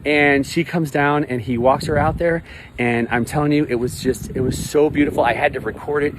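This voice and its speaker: Forties male coach talking to camera outdoors, blunt and emphatic with some swearing, traffic noise clearly heard. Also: on the high side, fairly even intonation, a little fast. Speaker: life coach. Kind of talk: motivational vlog monologue. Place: outdoors by a pond with ducks.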